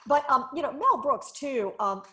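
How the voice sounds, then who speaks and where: A woman's voice: high-pitched, animated, normal speed, bright, forceful tone. A woman in her forties hosting a conversational interview, talking in long, emphatic runs. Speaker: podcast host.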